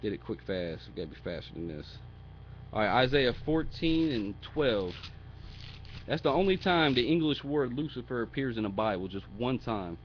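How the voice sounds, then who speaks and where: A man's voice: medium pitch, sing-song, moderate pace, dull audio, slight background noise. A man giving an informal bible teaching, blunt and mocking, with profane asides, reading verses aloud in a raised voice. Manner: reads scripture aloud in raised voice.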